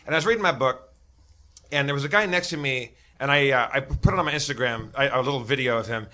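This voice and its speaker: A man's voice: mid-range voice, fast talker, bright, forceful tone. A man on a live comedy podcast, telling a rambling, profane story full of stammered restarts. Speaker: podcast regular. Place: live show on stage.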